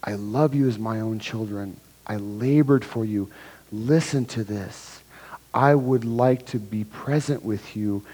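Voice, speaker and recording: A man's voice: mid-range voice, warm tone, slightly rough. A male pastor preaching a sermon, explaining scripture verse by verse and acting out the quoted dialogue. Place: church sanctuary. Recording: long hall reverb.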